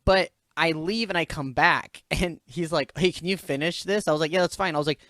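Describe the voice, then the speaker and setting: A young man hosting a podcast, telling a story from his job in casual, animated chat, swearing often and laughing as he vents. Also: on the high side, a little fast, dry recording. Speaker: podcast host.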